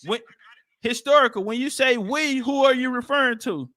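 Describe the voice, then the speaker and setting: A man with a high, ringing voice and an African American Vernacular English accent, pressing his point on a live-stream debate panel over a video call. He cuts in, repeats names and questions again and again, and talks over the others. His tone stays sharp and forceful. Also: moderate pace.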